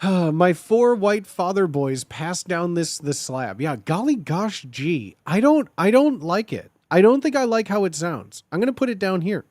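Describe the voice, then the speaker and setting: Animated, high-voiced man ranking phrases. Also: a little slow, few pauses, no echo. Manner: animated, playful, repeats phrases in put-on tough-guy voices. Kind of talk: casual stream chat.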